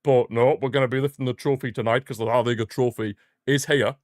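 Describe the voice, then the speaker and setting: A man's voice: mid-range voice, steady tone, fast talker, darkish tone, no echo, studio quality. A man streaming a football watchalong, giving blunt, partisan live fan commentary and mocking the rival side.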